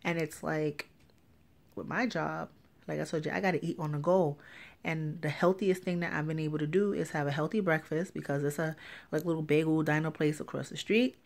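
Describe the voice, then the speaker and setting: A woman's voice: sits low, brisk, vocal fry. A pregnant young woman vlogging a casual story time, ranting with lots of swearing and acting out the people she quotes. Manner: animated, profane ranting with lively quoted dialogue.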